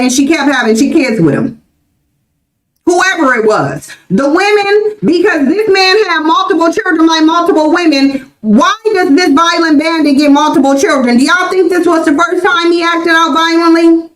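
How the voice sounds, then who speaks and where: A woman's voice: very high voice, reverberant, low-quality recording. An American woman in her forties hosting a livestream, talking emphatically and repeating her points insistently. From United States. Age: 40s. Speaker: livestream host. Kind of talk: livestream commentary.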